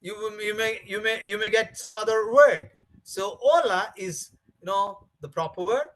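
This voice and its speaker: A man leads a teacher-training session in a high voice. He talks emphatically, repeating key words over and over and filling pauses with "uh" and "you know". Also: a bit bright, rough recording. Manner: repetitive, emphatic, many fillers. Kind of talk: training lecture.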